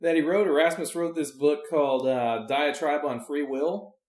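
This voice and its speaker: A man's voice: a little high, fairly even intonation, moderate pace, darkish tone, reverberant. A man, a preacher hosting a podcast, chatting casually and rambling as he hunts for words with many restarts. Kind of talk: casual chat.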